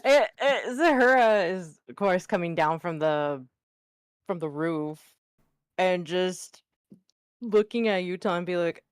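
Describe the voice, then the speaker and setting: A woman's voice: lowish voice, animated, slow pace, clear, resonant tone, no room sound, clean studio sound. A woman playing a tabletop game, joking crudely and laughing often. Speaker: player. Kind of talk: casual tabletop game play.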